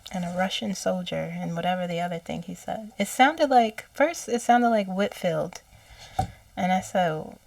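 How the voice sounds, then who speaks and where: A woman of middling pitch tells what she heard in a channeled session, pausing often and filling gaps with "um". She sits a little back from the mic. The room is dry and close. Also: darkish tone, dry recording, far from the mic. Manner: halting, with many fillers and quoted speech. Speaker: psychic channeler. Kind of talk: casual spoken recounting of a channeled message.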